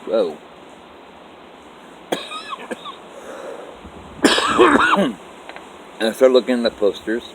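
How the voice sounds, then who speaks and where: A man's voice: medium pitch, wildly swooping pitch, creaky, heavy background noise. A man telling his own life story in a casual, rambling way, often stopping to restart a sentence. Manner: rambling, halting, with restarts and "I'm like" quotes.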